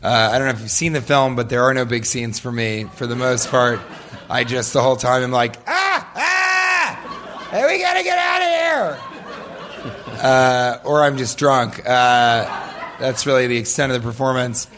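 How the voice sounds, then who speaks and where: A man's voice: medium pitch, level tone, fairly quick, noisy background. A man answering audience questions in a loose, joking way, often laughing as he tells stories. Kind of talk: live audience Q&A storytelling.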